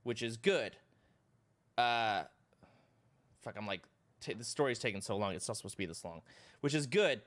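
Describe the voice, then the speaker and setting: A man live streaming, telling his chat a rambling, profane story in a casual, animated way. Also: fairly low pitch, moderate pace, pauses often.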